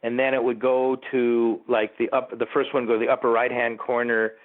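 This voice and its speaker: Over a tinny, phone-like line, a TV producer being interviewed rambles through behind-the-scenes anecdotes with asides to the host. His mid-range voice is flat and fairly quick.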